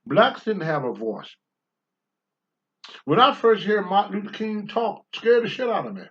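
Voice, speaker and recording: A man's voice: high voice, big pitch swings, moderate pace, fairly bright tone, highs cut off. An older man hosting a talk show, answering viewer questions in a blunt, preachy monologue and swearing freely.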